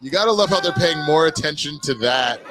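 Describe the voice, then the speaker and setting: A man streaming live, chatting casually with his viewers, reading their messages and reacting loudly to clips. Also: fairly high pitch, brisk, over music. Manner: animated, reacts loudly to clips and reads chat.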